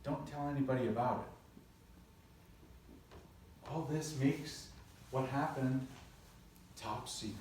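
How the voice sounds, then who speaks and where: A male pastor preaches in a slow, unhurried way, his voice dark and mellow. He tells stories earnestly and drops in playful asides. The sound comes from a very echoey church sanctuary, picked up from a distance with faint room noise behind him. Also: mid-range voice, fairly even intonation. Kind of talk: sermon.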